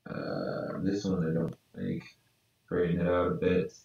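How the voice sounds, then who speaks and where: A man with a very low voice talks slowly and half to himself while he draws. The sound is echoey and dull, and he is set back from the mic. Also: sing-song, gravelly, darkish tone, far from the mic. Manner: mutters to himself while working, low-key. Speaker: podcast co-host. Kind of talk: casual chat while drawing.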